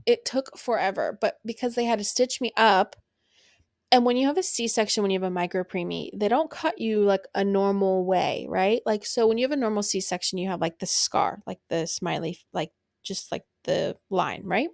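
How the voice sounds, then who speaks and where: A young woman hosts her own podcast and talks through a personal story in a loose, unfiltered way. She is blunt and swears freely. Her voice has a gravelly fry in mid pitch, recorded dry and close. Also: normal speed, no room sound. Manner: blunt and profane, laughs while telling. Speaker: podcast host.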